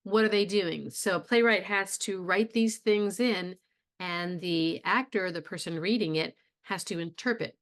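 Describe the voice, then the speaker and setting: A woman's voice: on the low side, unhurried. A woman professor giving a recorded video lecture on reading plays. She talks conversationally, with fillers and rhetorical questions. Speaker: college theatre professor.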